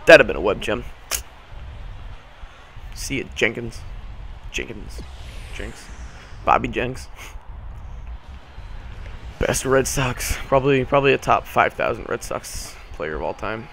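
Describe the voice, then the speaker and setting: A young man with a hoarse morning voice, hosting casual video game commentary, rambling with lots of fillers and the odd swear. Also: mid-range voice, lively intonation, slow, pauses often, fairly bright tone, slight background noise. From Boston area. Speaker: gaming channel host.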